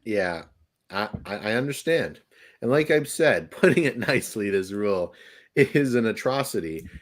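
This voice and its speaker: A young man co-hosting a sports podcast, opinionated and sarcastic, laughing mid-sentence. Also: medium pitch. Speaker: podcast co-host. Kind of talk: casual sports podcast chat.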